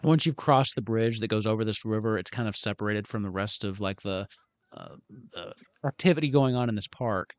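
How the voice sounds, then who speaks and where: A man's voice: lowish voice, a little fast, no room sound. A man narrating a tabletop game as game master, describing scenes in a loose, rambling way. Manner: relaxed, rambling descriptions with fillers.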